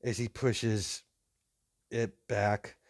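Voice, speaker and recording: A man's voice: lowish voice, steady tone, very slow, gravelly. A man improvising a fan story narration, rambling and hesitant with many restarts.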